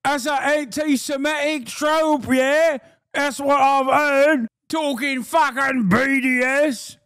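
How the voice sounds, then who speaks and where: A man voicing an angry middle-aged British man who shouts and swears as he rants. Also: extremely high pitch, fairly even intonation, slow, dry recording, studio quality, pitched above the performer's own voice, full character voice. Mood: ranting. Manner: shouting, swearing, repeating a name.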